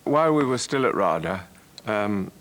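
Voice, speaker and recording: An older man reminiscing about an old friend in an interview, halting and repeating words, chuckling between phrases. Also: lowish voice, lively intonation, fairly bright tone. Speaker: actor recalling an old friend.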